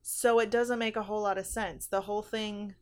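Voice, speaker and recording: A woman's voice: medium pitch, little pitch movement, fairly quick, a little mellow. A woman co-hosting a podcast, recapping a book in casual chat and laughing easily. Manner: chatty, explains the plot, laughs easily. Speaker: podcast co-host.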